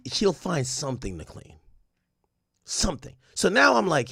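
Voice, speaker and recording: A man chatting to his livestream audience in a casual, slangy way, with plenty of profanity. His pitch swings widely as he tells stories. The sound is dry and close. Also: unhurried, gravelly, husky, dry recording. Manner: animated storytelling with slang and profanity. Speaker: streamer.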